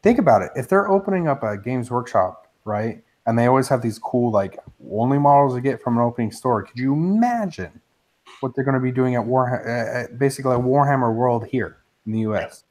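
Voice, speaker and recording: A man co-hosting a casual live-streamed hobby talk show, excitable and joking. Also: medium pitch, fairly quick. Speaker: podcast co-host.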